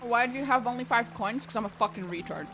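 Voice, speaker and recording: A woman streaming a video game, chatting casually, excitable and swearing, often breaking into laughs. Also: on the high side, fast talker, over music. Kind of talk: casual gameplay commentary.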